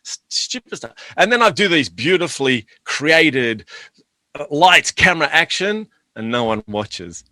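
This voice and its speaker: A man tells stories on a podcast with a bright, forceful tone and a slightly raised pitch. He acts out each scene with animated energy. The sound is dry and close, with no room. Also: no echo. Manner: animated, laughing storyteller acting out scenes. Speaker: guest. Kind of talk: podcast interview, anecdotal storytelling.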